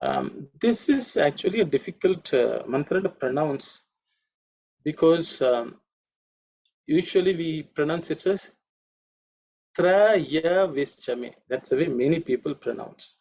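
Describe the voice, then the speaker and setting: A man with a gravelly, husky voice, a little higher than most men, teaches a Sanskrit lesson over a video call. He works through chants patiently, repeats each word aloud, and keeps checking in with "okay". The sound is dull and lo-fi. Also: animated, darkish tone. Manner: explains slowly, repeats chanted words, frequent "okay" and "you know". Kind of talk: online class lecture.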